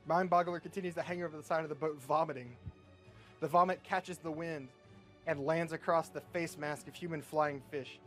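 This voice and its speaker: Young male host, deadpan comic movie-pitch narrator, slightly high voice. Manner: brisk, deadpan storytelling with swearing asides.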